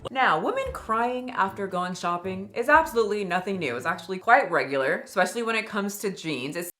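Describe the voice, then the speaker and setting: A woman's voice: mid-range voice, lively intonation, a little fast, fairly bright tone. A woman giving scripted video commentary in a sarcastic, self-deprecating way.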